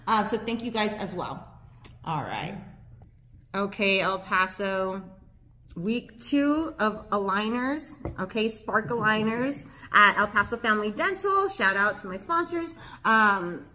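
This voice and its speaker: A woman's voice: medium pitch, animated, a little slow, pushed and bright. A woman hosting a casual local talk show from a studio, chatty and bubbly, laughing often, with a slight lisp from dental aligners.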